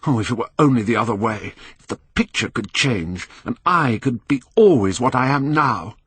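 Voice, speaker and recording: A man's voice: mid-range voice, expressive, moderate pace, a bit bright, slightly rough, pitched above the performer's own voice. A man voicing an anguished, vain young Englishman. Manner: pleading, rising to anguished outbursts.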